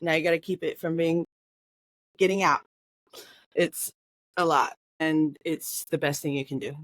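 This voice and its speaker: Woman, podcast co-host, casual, rambling, relaxed, dry close sound. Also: low voice, unhurried, no room sound. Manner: relaxed, rambling, builds analogies. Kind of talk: casual chat.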